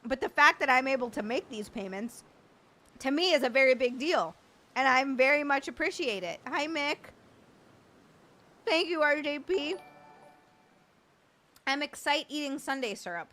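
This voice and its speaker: A woman's voice: high voice, animated, moderate pace, pauses often, sharp tone. A young adult woman hosting a casual livestream chat, stammering and swearing in happy disbelief as she thanks viewers. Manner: overwhelmed, stammering, laughing and swearing. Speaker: livestream host.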